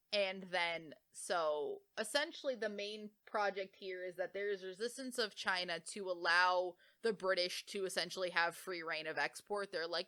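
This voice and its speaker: A woman co-hosting a podcast, casually retelling a book's plot with lots of "like" fillers and quick self-corrections. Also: on the low side, bright, forceful tone, smooth. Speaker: podcast co-host. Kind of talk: casual book summary.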